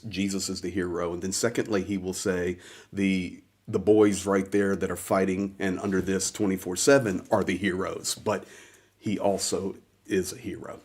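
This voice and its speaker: A man's voice: on the low side, darkish tone. A man hosting a live stream, giving an earnest, heartfelt introduction and repeating himself for emphasis.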